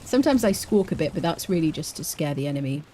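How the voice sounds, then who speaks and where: A woman's voice: low-pitched, animated, quick pace, dark tone, a little hiss or hum. A woman streaming a survival game, chatting playfully with her viewers and laughing often. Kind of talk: live game commentary.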